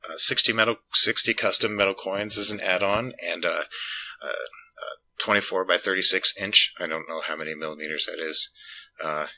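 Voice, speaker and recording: An American man from Alaska, a game designer chatting casually as a guest and telling animated stories. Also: sits low, normal speed, poor audio. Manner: animated storyteller, does voices and laughs often. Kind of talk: casual chat.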